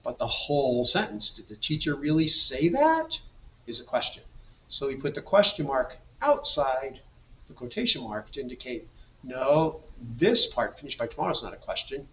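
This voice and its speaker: A man's voice: mid-range voice, very animated, moderate pace, a bit bright, a little hiss or hum. Man teaching grammar in a roomy echo. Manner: patient, explanatory, reads example sentences aloud. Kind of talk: slideshow grammar lesson. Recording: dull, roomy, mic at a distance.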